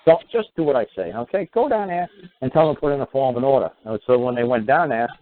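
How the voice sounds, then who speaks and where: A man's voice: medium pitch, fast. Man telling a story over a tinny phone line. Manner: animated, acts out quoted voices. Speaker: talk show host. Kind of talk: casual storytelling monologue.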